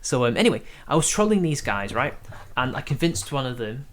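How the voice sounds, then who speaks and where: A man's voice: medium pitch, very animated, fairly quick, a bit bright. A man from Britain hosting a casual live stream, rambling and hesitant, laughing often between points. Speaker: stream host.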